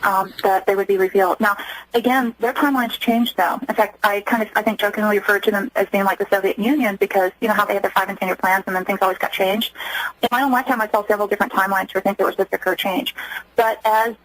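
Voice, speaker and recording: A woman's voice: medium pitch, steady tone, fast talker, no echo, low-quality recording. A woman from Germany, a guest on a radio interview, telling her story earnestly and acting out what others said. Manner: earnest, acts out quoted speech.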